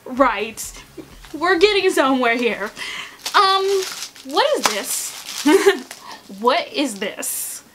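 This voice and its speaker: A young woman vlogger giving a casual unboxing review, animated and swinging between excitement and exasperation. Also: high voice.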